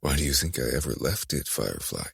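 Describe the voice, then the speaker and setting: A man voicing a brooding, tattooed young man who is possessive and menacing, speaking in a low, teasing murmur for an audiobook. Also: sing-song, quick pace, no echo, studio quality, full character voice. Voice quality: very deep, gravelly, husky. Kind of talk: audiobook dark romance voice acting.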